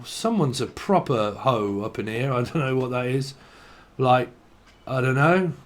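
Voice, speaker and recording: A man's voice: medium pitch, animated, unhurried. A man giving a tarot reading, rambling stream-of-consciousness style, swearing freely and laughing at himself. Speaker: tarot reader.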